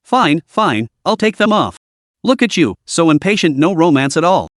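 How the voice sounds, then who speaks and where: A woman's voice: fairly low pitch, sing-song, normal speed, dry recording, clean studio sound. A man voicing a brash, teasing young female soldier who bickers in cheeky, crude banter.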